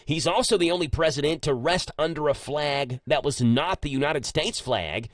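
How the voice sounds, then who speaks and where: A man, hosting a casual morning radio show and chatting in a joking, animated way. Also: fairly high pitch, moderate pace, dry recording, clean studio sound. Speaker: radio host. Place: radio studio. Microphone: studio microphone.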